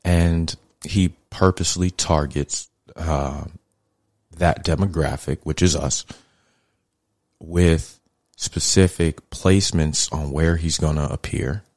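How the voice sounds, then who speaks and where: Man, very low voice, blunt and profane, casual monologue, dry close sound. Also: steady tone, slow pace, no echo. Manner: blunt, profane, conversational, heats up and gets louder. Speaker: podcast host.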